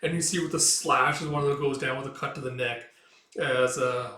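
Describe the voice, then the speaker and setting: A man's voice: mid-range voice, fairly even intonation, brisk, sharp tone. A man casually retelling a comic's action scenes, with loose fillers and spoken sound effects. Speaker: comic reader. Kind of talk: casual read-through narration. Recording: roomy, distant mic.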